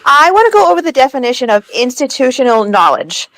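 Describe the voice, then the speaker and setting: High-voiced sarcastic woman. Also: sing-song, fast, fairly bright tone, low-quality recording. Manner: sarcastic, skeptical. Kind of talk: casual livestream chat.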